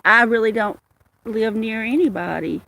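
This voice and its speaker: A woman hosting a casual livestream outdoors, greeting viewers by name in a slow, chatty way. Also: a little high, creaky, a bit bright. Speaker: livestream host. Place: outdoors with cats.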